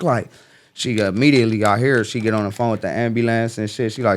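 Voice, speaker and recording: A young man, appearing as a guest, tells a story in fast, casual street talk thick with slang. He animatedly acts out quotes, his voice jumping sharply and suddenly high.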